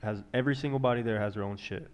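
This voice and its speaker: A man's voice: medium pitch, racing, clear, resonant tone. A young man on a podcast giving blunt, motivating advice and swearing casually. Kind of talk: casual chat.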